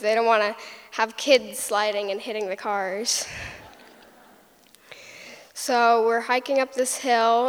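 A woman's voice: a little high, clean tone. A young woman telling a personal story, retelling it vividly with little sound effects. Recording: long hall reverb.

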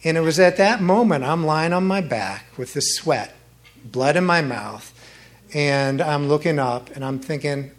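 A man telling a personal story at a live storytelling event, animated and chuckling at his own asides. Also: fairly high pitch, unhurried.

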